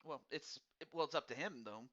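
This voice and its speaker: A man's voice: fairly high pitch, fairly quick, fairly bright tone, lo-fi sound. A man hosting a casual live-streamed hockey draft, rambling and repeating words in a friendly, upbeat way.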